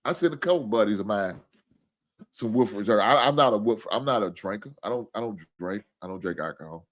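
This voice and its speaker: Man, sports talk host, casual streaming chat, lively swooping pitch, profane, rambling. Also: fast talker. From Kentucky. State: tired.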